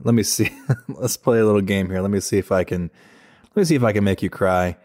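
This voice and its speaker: Man, faculty co-host, low voice, dry sound, relaxed storytelling. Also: fast, no room sound. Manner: relaxed, teasing, storytelling with many fillers. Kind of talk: casual chat.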